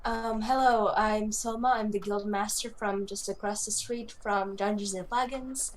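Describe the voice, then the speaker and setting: A woman's voice: mid-range voice, steady tone, unhurried. A woman playing a character in a tabletop game, light and giggly. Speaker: player.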